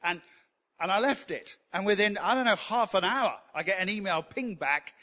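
A pastor, preaching a sermon full of humorous, self-deprecating stories. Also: male voice, high voice, expressive, moderate pace, sharp tone. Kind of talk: sermon with storytelling. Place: church hall. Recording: long hall reverb.

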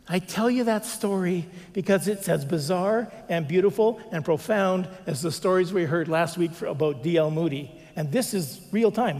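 A male pastor delivers a sermon, telling it as an animated story and voicing the people in it. His voice is high for a man. A long reverb trails each phrase, as in a large hall. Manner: animated storytelling, acts out quotes.

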